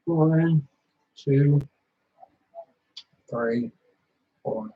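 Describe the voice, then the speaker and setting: A man's voice: fairly high pitch, extremely slow. A young man telling rambling, profane stories in a casual monologue, full of fillers. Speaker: vlogger. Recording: dull lo-fi sound.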